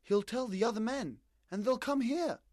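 A man's voice: very high voice, normal speed, a little mellow, no room sound, studio quality, voice pushed up. A man reading a storybook and voicing an anxious young boy who pleads urgently.

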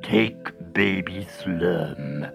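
Sick old ogre doc, real slow gravelly growl, music behind. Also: low-pitched, pitched below the performer's own voice, full character voice. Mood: gruff. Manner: slow, gruff, clipped.

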